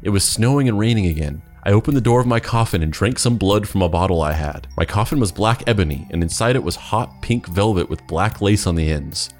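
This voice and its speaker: A man's voice: lowish voice, expressive, a little fast, few pauses, soft background music. A man co-hosting a comedy podcast, reading a text aloud with wry, cringing commentary and frequent laughter. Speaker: podcast co-host.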